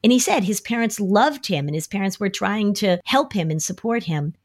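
A woman's voice: mid-range voice, normal speed. A woman speaking earnestly as a parenting expert on a podcast, acting out example phrases parents might say to their kids. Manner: earnest, acts out example phrases with lively shifts. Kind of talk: advice talk on a podcast.

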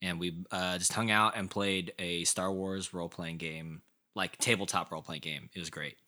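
A man with a low, bright voice chats easily as a podcast co-host. He rambles along in a relaxed way, dropping fillers as he goes. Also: normal speed. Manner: relaxed, chatty, lots of fillers. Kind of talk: casual chat.

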